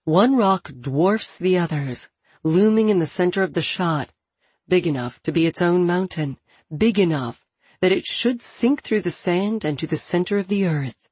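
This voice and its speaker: Husky woman reading an audiobook, low-pitched. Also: no room sound. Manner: measured, steady reading. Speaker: audiobook narrator. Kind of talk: audiobook narration.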